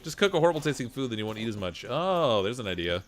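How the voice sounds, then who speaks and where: A man in his forties with a slight Canadian accent, chatting casually while streaming a game, relaxed and chuckling, with many fillers. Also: mid-range voice, fast. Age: 40s. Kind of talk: casual gameplay stream chat.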